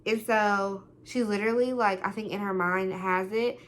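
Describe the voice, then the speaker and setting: A woman's voice: mid-range voice, moderate pace. A young adult woman vlogger telling a story in a casual, slangy way, with plenty of swearing. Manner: chatty, slangy, animated retelling with swearing.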